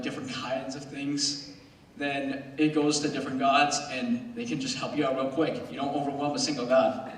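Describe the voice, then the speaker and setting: A teenage boy doing a rambling, self-mocking stand-up comedy set at a school show. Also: medium pitch. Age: teens. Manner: casual, rambling, self-mocking, with brief put-on voices. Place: school auditorium stage. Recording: very echoey hall recorded from far off.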